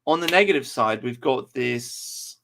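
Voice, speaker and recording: A man's voice: medium pitch, expressive, unhurried, creaky, a bit bright, a little hiss or hum. A man chatting on a podcast, ranting and swearing heavily. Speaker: podcast co-host. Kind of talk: casual chat.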